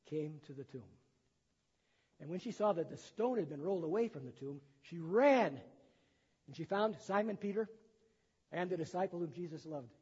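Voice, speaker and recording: A man's voice: a little high, mellow, slightly rough. A man preaching a sermon, reading the gospel and retelling it in plain words with chatty asides. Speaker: pastor. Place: church sanctuary. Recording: dull sound in a long-echo hall.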